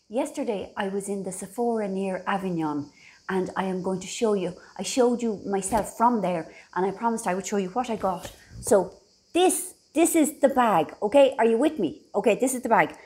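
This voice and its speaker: A woman's voice: medium pitch, animated, normal speed, a bit bright. A middle-aged Irish woman chatting casually to her phone camera from a holiday house, rambling and self-deprecating. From Ireland. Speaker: vlogger.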